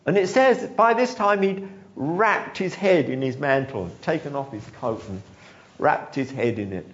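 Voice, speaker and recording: A man preaching a sermon, telling the story with animated delivery, acting out quotes and chuckling now and then. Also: on the high side, normal speed, dull audio.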